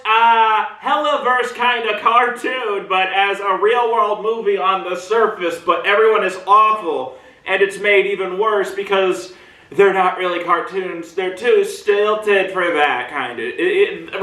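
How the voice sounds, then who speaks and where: A man from Minnesota talks through a film review in a slow, meandering way, wandering into asides. His voice sits high and sounds bright. He is heard from some distance in a roomy, echoing space. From Minnesota, USA. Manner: rambling, drifts into tangents and asides. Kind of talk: casual rambling film review monologue. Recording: roomy echo, mic at a distance.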